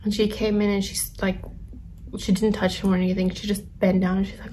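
A young woman vlogger telling a personal story in a soft, halting way that often sinks to a whisper. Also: medium pitch, little pitch movement, a little hiss or hum.

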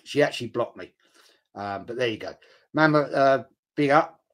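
A man's voice: mid-range voice, lively intonation, normal speed. A middle-aged man talking bluntly on a livestream, reading out viewer comments between his opinions. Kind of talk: casual livestream chat.

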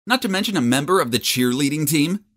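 A man's voice: fairly high pitch, lively intonation, quick pace, a bit bright, voice pushed up. Man voicing a pushy popular teen girl. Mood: indignant.

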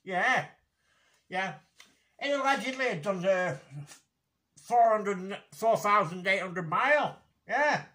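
A man's voice: high-pitched, lively intonation, slow pace, pauses often, sharp tone, exaggerated voice. A man doing a grumpy old man ranting. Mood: exasperated. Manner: exasperated ranting, repeats himself and swears mildly. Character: grumpy older man, furious at a garage. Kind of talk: comic one-sided phone rant impression.

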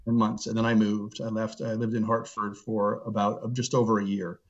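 A middle-aged man, a seminary professor, speaking as an interview guest and telling stories earnestly, slowing down to stress a point. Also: on the low side, level tone. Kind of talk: reflective interview storytelling. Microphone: video call. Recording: dull lo-fi video call audio.

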